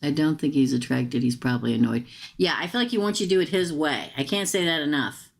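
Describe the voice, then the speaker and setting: A woman's voice: low-pitched, fast talker, creaky. A middle-aged woman giving a live tarot reading, chatty and emphatic, repeating her advice. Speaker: tarot reader.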